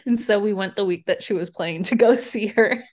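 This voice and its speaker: A woman's voice: medium pitch, moderate pace, darkish tone. A young woman with a slight Southern accent, co-hosting a podcast in casual, bubbly chat and laughing often. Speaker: podcast co-host.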